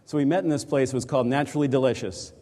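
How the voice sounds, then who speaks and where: A man speaks to a live crowd in a large hall, his voice dark and mellow as long reverb trails after each phrase. He tells his story in a reflective, conversational way, the easy manner of an executive coach. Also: medium pitch, steady tone, very fast. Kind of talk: storytelling talk to a live audience.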